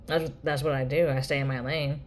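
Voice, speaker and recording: This vlogger's voice sits low, fairly even in intonation and brisk. She rants bluntly through a casual monologue, swearing freely and putting on mocking voices when quoting people.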